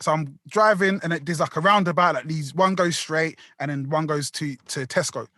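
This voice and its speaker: A man with a high, bright voice, rambling through a story full of slang and swearing. The sound is close and dry. It is casual podcast storytelling. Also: normal speed, dry recording. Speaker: podcast co-host.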